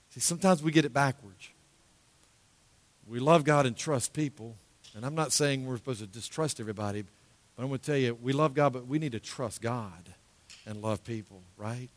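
A man preaching a sermon as a pastor, emphatic, repeating key phrases and dropping to a hushed tone in prayer. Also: mid-range voice, a little fast, in a large hall.

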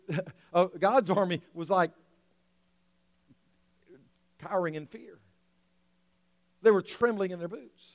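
A man preaching a sermon, telling a story with animated, emotional swells and frequent restarts. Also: fairly high pitch, dry recording. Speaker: pastor.

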